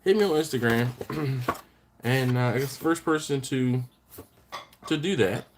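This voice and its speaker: A man's voice: mid-range voice, measured pace, slight background noise. A man hosting a barbecue live stream from home, chatting casually, reading viewer comments and thanking people by name, often restarting his sentences. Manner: rambling, self-correcting, thanks viewers warmly by name. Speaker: barbecue channel host.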